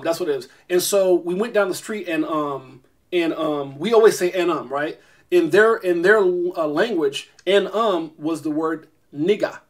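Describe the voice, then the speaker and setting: Chatty middle-aged man telling a rambling story. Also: a little high. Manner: rambling, animated, many fillers and restarts. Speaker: vlog host. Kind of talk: casual storytelling to camera.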